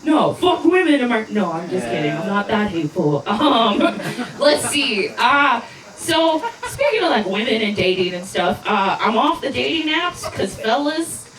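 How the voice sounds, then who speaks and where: A woman from Colorado with a high voice works through a casual, self-mocking stand-up set. The sound is roomy and distant. A live audience laughs and answers back. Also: sing-song. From Colorado, USA. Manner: casual, self-deprecating, quick asides. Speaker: stand-up comedian. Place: outdoor backyard show. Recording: echoey live crowd recording from far off.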